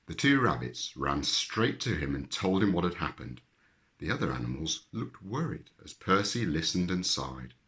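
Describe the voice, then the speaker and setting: A man reading a children's story aloud with lively, expressive narration. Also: deep voice, normal speed.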